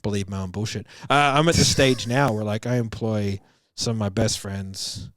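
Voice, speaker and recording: A man's voice: on the low side, normal speed, no echo, clean studio sound. A man in his thirties telling stories in casual chat, swearing often, laughing through them and acting out what people said. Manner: fillers like "like" and "bro", acts out quotes. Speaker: business coach and podcast guest.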